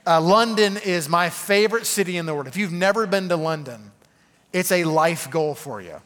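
A man's voice: high-pitched, lively intonation, normal speed, a bit bright, long reverb tail. A man preaching a conversational sermon, full of "okay?" asides to the congregation. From Arkansas. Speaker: pastor.

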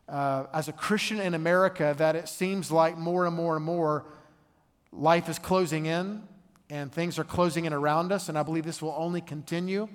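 Guy preaching in church, kinda high voice, chatty storytelling, lots of echo. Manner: conversational, animated storytelling. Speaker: pastor. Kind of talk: sermon.

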